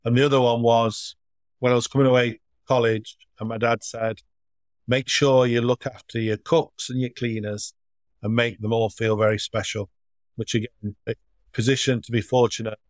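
A man of middle pitch tells stories at an easy pace in a relaxed interview and slips into children's voices as he quotes them. The recording is close and dry, with no room sound at all. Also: moderate pace, dry recording. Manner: anecdotal, acts out children's voices in his stories. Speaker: charity foundation chief executive, guest.

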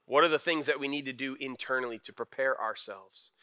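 A young man preaching a casual, conversational sermon with slang and animated asides. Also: mid-range voice, brisk, clear, resonant tone. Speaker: pastor.

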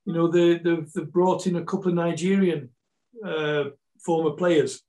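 Man, Yorkshire Scottish accent, football coach guest; rambling, self-repeating delivery, a touch high-pitched. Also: fairly even intonation, normal speed, mellow, low-quality recording. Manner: rambling with many repeats and restarts. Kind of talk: casual chat, storytelling.

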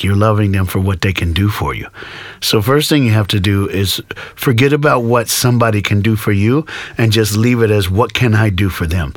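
A man's voice: on the low side, fairly bright tone, no room sound. A middle-aged man, a school speaker, telling a story earnestly in an interview and repeating phrases for emphasis.

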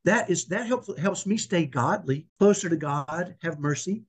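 Podcast guest: earnest, preacherly man with a high, husky voice. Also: expressive, moderate pace. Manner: earnest, emphatic, preacherly, repeats himself. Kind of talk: conversational faith interview.

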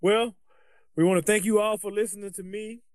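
A man with a fairly high voice co-hosts a casual podcast, talking with loose, animated energy and frequent restarts. The sound is close and dry, with no room behind it. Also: fairly quick, dry recording. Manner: animated, colloquial, restarts often. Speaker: podcast co-host, basketball coach.

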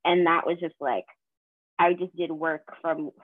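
A young woman from the American South talks through a casual podcast chat, her voice sitting a little low. She strings her thoughts together with constant fillers and animated retold quotes. The sound is thin and phone-like, with no room around it. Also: a little slow, dry recording. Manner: chatty, fillers, lively retelling of quotes. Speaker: podcast co-host; counseling graduate student.

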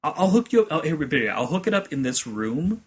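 A man co-hosting a podcast in casual chat, animated as he acts out game moments, with many fillers like "like" and "uh". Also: fairly high pitch, fairly quick, breathy edge. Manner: animated storyteller, acts out game lines with laughter. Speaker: podcast co-host.

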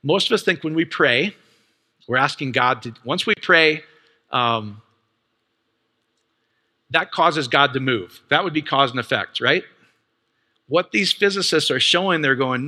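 A man preaching a casual, excited teaching sermon, quoting others and asking his listeners questions. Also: fairly high pitch, unhurried, long pauses, in a large hall. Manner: animated, excited, conversational, quotes others.

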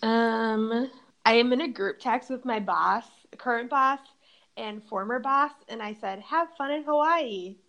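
A woman's voice: fairly high pitch, measured pace, fairly bright tone. Giggly young woman telling a story. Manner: giggly, chatty storytelling with many "like"s. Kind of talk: casual podcast chat.

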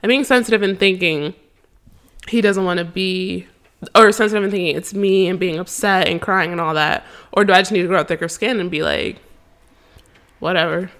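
A young woman co-hosts a podcast in casual chat, chatty and laughing often, with lots of fillers. Her voice sits on the low side, fairly quick and fairly bright, recorded with headphones and a mic.

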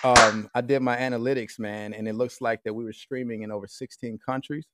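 A man's voice: mid-range voice, flat delivery, brisk, over a noisy crowd, heavy background noise. An American man hosting a podcast remotely, talking in a laid-back, slangy way with lots of fillers. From United States. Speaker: podcast host. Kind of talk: casual podcast chat. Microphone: remote call with a mixer.

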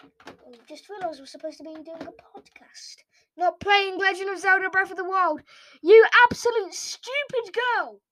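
English woman, very high voice, dry close sound, sarcastic reaction rant. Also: fairly even intonation, sharp tone, no room sound. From England. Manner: sarcastic and mocking, quick rants. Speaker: reaction video host. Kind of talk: casual ranting commentary.

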